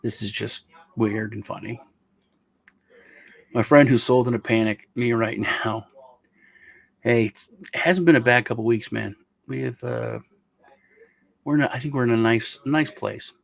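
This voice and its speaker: A man's voice: mid-range voice, steady tone, unhurried, creaky, pauses often, dry recording. A middle-aged man hosting a casual meme review, rambling and joking as he tells stories. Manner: rambling, joking, self-interrupting. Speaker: host.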